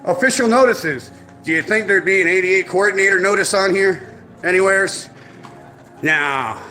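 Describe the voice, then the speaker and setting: Insistent high-voiced man confronting officials. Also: moderate pace, bright, forceful tone, faint music behind. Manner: insistent, formally polite with repeated 'sir' and 'ma'am'; sarcastic, needling. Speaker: activist filming an encounter with officials. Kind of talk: confrontational filmed exchange.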